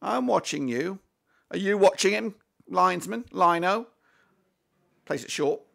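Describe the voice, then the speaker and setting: Hosting a live football watchalong, a man commentates excitedly as a fan, swearing, using fillers and restarting his phrases. His voice is high and gravelly, and his pace is measured.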